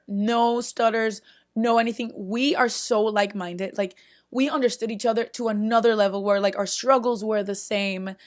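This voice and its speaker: A young woman vlogging, casually telling a story with many "like"s and sudden loud bursts of disbelief. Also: medium pitch. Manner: frequent filler "like" and restarts, chatty.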